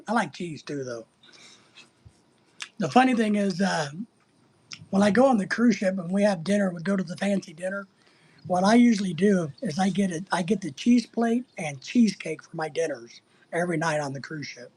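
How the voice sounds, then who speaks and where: A man's voice: high-pitched, expressive, normal speed, darkish tone, breathy edge. A middle-aged man hosting a casual livestream, reading out chat and rambling in a crude, joking way.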